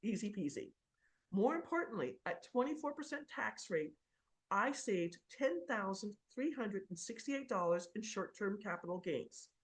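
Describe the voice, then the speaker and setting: A middle-aged woman talks through her own tax story in a chatty, storytelling way, often pausing on fillers. Her voice sits in an ordinary middle pitch. She is speaking into a computer mic as she shares her screen. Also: animated. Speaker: real estate investor sharing tax tips.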